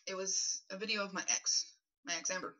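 Brief: man in his twenties, sharp bright tone, blunt and indignant, dull lo-fi sound. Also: sits high, steady tone, brisk. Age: 20s. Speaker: vlogger. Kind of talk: defensive vlog rebuttal. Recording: dull lo-fi recording.

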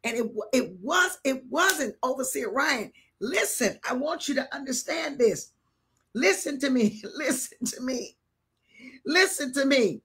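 An older woman bishop preaching a live sermon, telling a personal story with animated swings between hushed and shouted delivery. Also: high-pitched, measured pace.

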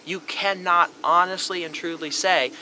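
A man's voice: high voice, steady tone, moderate pace, bright, forceful tone, a little hiss or hum, low-quality recording. A young man delivering an emphatic, lecturing monologue on a vlog, swearing freely as he argues his point. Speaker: vlogger. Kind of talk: opinionated monologue.

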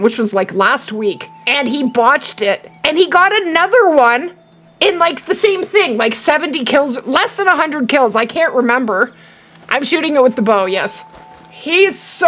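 High, lively woman streaming a hunting game. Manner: excitable, chatty, talking to chat. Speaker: gaming streamer. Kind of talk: live game stream commentary.

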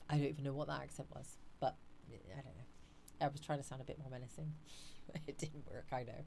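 A woman's voice: low voice, slight background noise. A woman hosting a live stream, chatting casually and reading viewer comments aloud.

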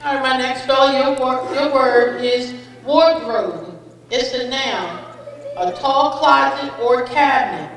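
A woman with a high-pitched, slow voice runs a spelling bee, patiently reading each word with its definition and an example sentence and cheering on every speller like a friend. She's recorded far from the mic in an echoey hall.

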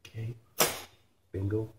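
Deep-voiced Canadian shop mechanic. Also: male voice, flat delivery, takes it slowly, dull audio. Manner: blunt, joking, swears casually. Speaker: transmission rebuilder. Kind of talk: casual shop talk while working. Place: transmission repair shop. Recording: noisy shop recording.

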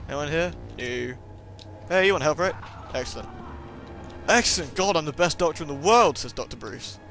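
A man's voice: on the high side, a little fast, a bit bright, faint music behind. A man giving sarcastic, playful commentary over gameplay, joking with the characters on screen. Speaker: let's play commentator.

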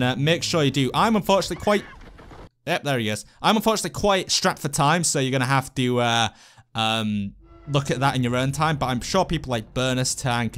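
A man giving lively, jokey gameplay commentary as a let's play host, talking to the characters on screen. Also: mid-range voice. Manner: excitable, jokey, talks to the game characters.

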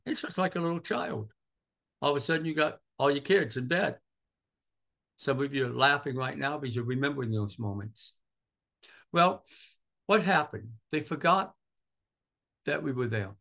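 A pastor from Maine preaching a sermon in a church, swinging from loud emphatic calls to hushed, tender passages and repeating phrases for emphasis. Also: male voice, medium pitch, creaky.

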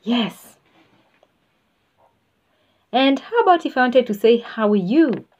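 Slow, patient woman teaching. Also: fairly high pitch, animated, darkish tone, lo-fi sound. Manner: patient, repeats words for the learner. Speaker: French teacher. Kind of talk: slow spoken language lesson.

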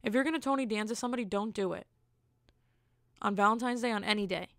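A young woman hosts a solo podcast in a quick, medium-pitched voice, recorded with clean studio sound and no echo. Blunt and animated, she relates a dating story and acts out the lines she quotes.

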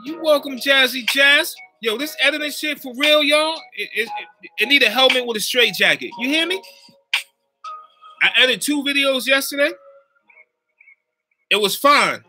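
A man with a strikingly bright, sharp voice chats loosely with his stream viewers. His talk is slangy and animated, and he keeps looping back to check that they follow him. Faint music plays underneath. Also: very high-pitched, normal speed, long pauses. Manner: slangy, animated, keeps checking in with "you know what I mean". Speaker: YouTuber live-chatting with viewers. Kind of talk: casual livestream chat.

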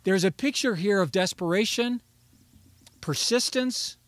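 A man's voice: sits high, a little slow, fairly bright tone, dry recording. A man preaching a sermon as pastor, earnest and rising to emphatic pleading on key phrases.

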